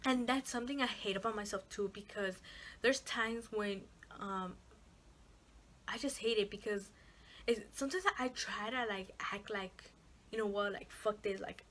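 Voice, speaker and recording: A woman's voice: medium pitch, normal speed, fairly bright tone, slight background noise. Rambling young woman vlogger. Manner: rambling, many fillers and swearing. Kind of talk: casual chat to camera.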